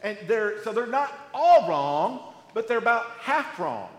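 A man's voice: extremely high pitch, big pitch swings, a little slow. A man preaching a sermon as pastor, emphatic and repetitive, acting out sarcastic quoted voices. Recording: echoey hall.

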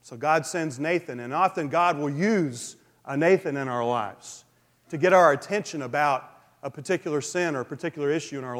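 A male pastor preaching a sermon in a relaxed, conversational way, with frequent fillers. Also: on the high side. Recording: long hall reverb.

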